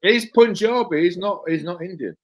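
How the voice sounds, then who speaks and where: A man's voice: high voice, normal speed. A man on an online panel, insistent and repeating himself to make a point. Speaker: panel guest. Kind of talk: casual panel banter.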